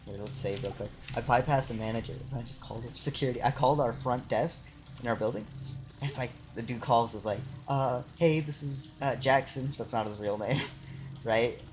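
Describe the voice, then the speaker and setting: A woman's voice: very deep voice, brisk, darkish tone, soft background music. A young woman streamer chatting casually while gaming, telling a rambling work story full of swearing and laughter.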